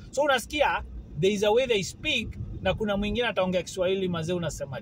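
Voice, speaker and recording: A man from Kenya, chatting casually to his viewers in an animated way and often checking that they follow. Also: high voice, quick pace, slight background noise, low-quality recording. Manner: animated, keeps asking if the listener follows. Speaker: vlogger. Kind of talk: casual chat to camera.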